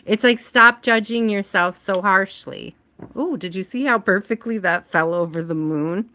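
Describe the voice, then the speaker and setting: A woman's voice: medium pitch, unhurried, bright, forceful tone. A woman giving a casual livestream tarot reading, chatting with viewers by name and laughing often. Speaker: tarot reader.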